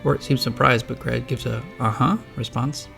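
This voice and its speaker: A man narrating a storybook in a measured, descriptive way. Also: medium pitch, flat delivery, vocal fry. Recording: soft background music.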